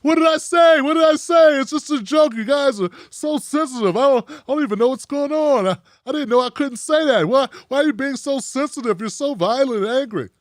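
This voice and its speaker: A man voicing a defensive man who plays innocent and keeps asking what's wrong, in a high, whiny tone. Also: brisk, hardly any pauses, dry recording, clean studio sound. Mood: defensive whining. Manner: high whiny protests, repeated questions.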